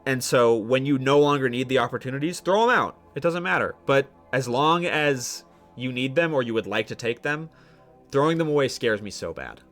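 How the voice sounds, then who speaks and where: Animated, swearing young streamer man. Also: mid-range voice, normal speed, faint music behind. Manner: animated, swears casually, rambling with restarts. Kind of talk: live-stream chat, rambling monologue.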